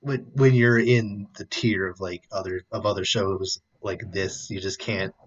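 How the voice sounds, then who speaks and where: Measured young man, muffled lo-fi audio. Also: low-pitched, steady tone. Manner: measured, deliberate, weighs his words. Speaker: podcast co-host. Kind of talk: casual chat. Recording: dull lo-fi sound.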